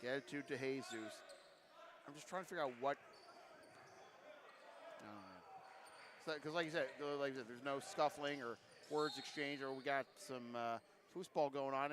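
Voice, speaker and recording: A man giving live play-by-play commentary on a college basketball game, getting louder and more excited on big plays. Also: medium pitch, a little hiss or hum.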